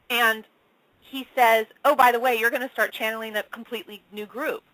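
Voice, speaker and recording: Animated, storytelling woman with a dry sound. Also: a little fast, no echo, poor audio. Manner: expressive, casual swearing, acts out dialogue with big pitch swings. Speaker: spiritual channel, interview guest.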